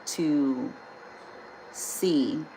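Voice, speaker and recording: A woman's voice: sits low, extremely slow, gravelly, dark tone, echoey room, slight background noise, low-quality recording. A woman speaking as a spiritual healer in a casual vlog, blunt, indignant and emphatic, and she swears freely.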